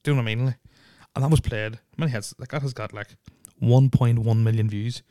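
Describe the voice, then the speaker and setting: A man's voice: mid-range voice, fairly quick, dark tone, clear, resonant tone, dry recording. A young Irish man hosting a casual podcast, rambling and swearing constantly, with lots of filler words on a close mic. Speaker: podcast host.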